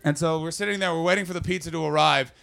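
A man telling a comic story on a podcast, animated and breaking into loud impressions. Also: a little high, racing, creaky, a little hiss or hum. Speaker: comedian and podcast host.

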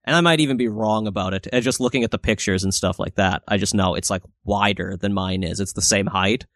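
A man's voice: lowish voice, brisk, fairly bright tone, no room sound, studio quality. A man co-hosting a podcast in casual chat, rambling and swearing freely. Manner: crude, rambling, swears a lot. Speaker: podcast co-host.

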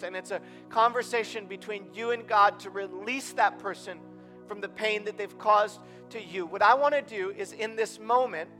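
A man's voice: high voice, bright, forceful tone. A man in his thirties preaching a sermon in a church, earnest and storytelling, building to emphatic appeals. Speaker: pastor. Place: church auditorium.

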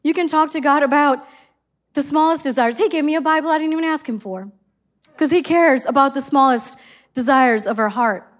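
A woman's voice: high voice, brisk. A middle-aged woman preaching a sermon, telling an earnest personal story and reading scripture. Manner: earnest storytelling, exclaims in quoted excitement.

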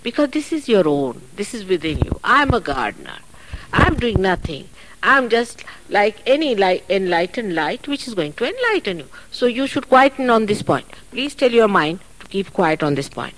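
A woman giving a spiritual talk at a public program, earnest and chatty, with asides and soft laughs, heard on an archive recording. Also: mid-range voice, big pitch swings, normal speed, background noise. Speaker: spiritual teacher. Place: public hall.

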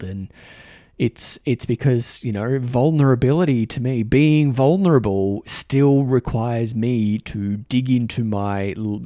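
A man with an Australian accent, hosting a podcast and talking earnestly to the camera, halting and restarting his sentences often. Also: medium pitch, darkish tone, no echo, studio quality. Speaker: podcast host. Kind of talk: reflective solo talk to camera. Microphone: microphone in front of him.

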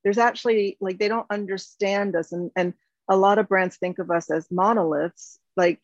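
Her mid-range voice stays steady at a moderate pace as the American founder in her fifties talks reflectively in an interview, full of fillers and restarts. The sound is dull, slightly lo-fi, with no room sound.

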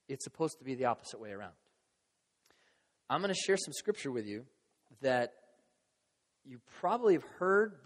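A man preaching a sermon as pastor, in a conversational, animated way, acting out voices from the scripture he reads. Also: on the high side. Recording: long reverb of a large hall.

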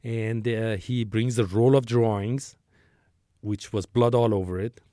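A man's voice: lowish voice, fairly even intonation, measured pace, mellow, no room sound, clean studio sound. A man in his sixties telling a long work story as an interview guest, rambling, with restarts and acted-out dialogue. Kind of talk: conversational storytelling.

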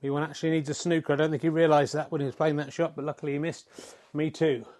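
A man's voice: on the high side, flat delivery, fast talker, background noise. A middle-aged man giving wry, self-mocking mock sports commentary, swearing in mock exasperation at the play. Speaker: comedy snooker commentator.

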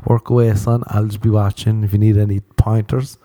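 A man's voice: lowish voice, level tone, brisk, warm tone, no echo, clean studio sound, close to an everyday voice. A man doing a chummy, helpful Jesus. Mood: encouraging. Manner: eager, chummy and encouraging. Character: cheery, helpful Jesus peeking from the ceiling.

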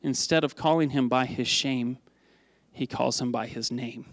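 A male pastor preaching a conversational sermon to a congregation, lively and prone to repeating words as he asks them questions. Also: mid-range voice, a little slow, dry recording.

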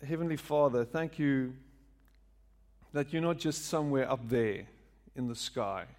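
A man's voice: mid-range voice, measured pace, darkish tone. A man, a pastor who jokes with his congregation and then leads a prayer. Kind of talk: sermon with prayer. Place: church before a live congregation.

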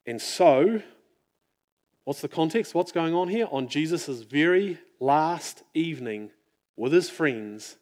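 A man preaching a sermon in an earnest, reflective way, often dropping his voice to a near-hush. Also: a little high, animated, takes it slowly.

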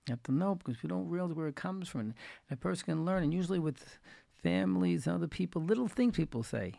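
A man with a rough, gravelly voice pitched a bit high tells folksy anecdotes in a Torah talk, repeating his key phrases to drive them home. The sound is dry and close, with no room around it. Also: lively intonation, quick pace, warm tone, dry recording. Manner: folksy, retells anecdotes with quoted dialogue. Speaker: religious teacher.

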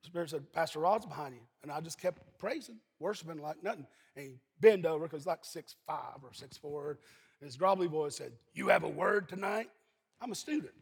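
A pastor from Eastern Kentucky preaching a sermon, telling folksy stories and breaking into shouts. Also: male voice, fairly high pitch, lively intonation, fairly quick. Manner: folksy storytelling, bursts into shouting. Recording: husky voice in a long-reverb hall.

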